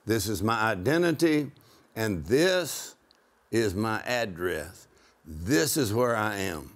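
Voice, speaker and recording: A man preaching in a conversational way, emphatic, slowing down to quote scripture and laughing now and then. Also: fairly low pitch, lively intonation.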